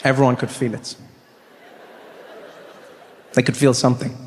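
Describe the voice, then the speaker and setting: A male stand-up comedian telling a story in an animated, exasperated way, rising to shouts. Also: medium pitch, a little slow. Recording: echoey hall with faint noise.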